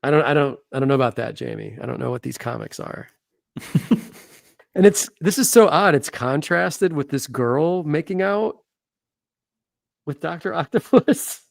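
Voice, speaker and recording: Gravelly, enthusiastic comic artist man. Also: mid-range voice, animated, moderate pace, no room sound. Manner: enthusiastic, slangy, swears casually. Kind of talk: casual chat about comics.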